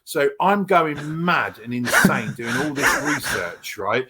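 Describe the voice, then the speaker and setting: A man, an actor guest, telling stories in a rambling, animated way with many restarts. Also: medium pitch, slow, a little hiss or hum. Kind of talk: casual interview chat.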